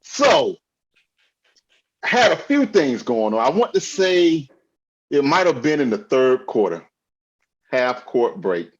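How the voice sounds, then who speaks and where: A man co-hosting a sports podcast, ranting heatedly and often yelling. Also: medium pitch, big pitch swings, slow, pauses often, dull audio. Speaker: podcast co-host.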